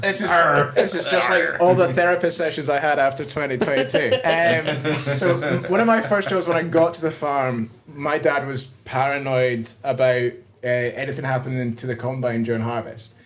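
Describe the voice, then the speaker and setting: A man's voice: fairly high pitch, normal speed, few pauses. A man telling a self-mocking story over casual pub chat, often breaking into laughter. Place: busy pub. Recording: pub with chattering crowd behind.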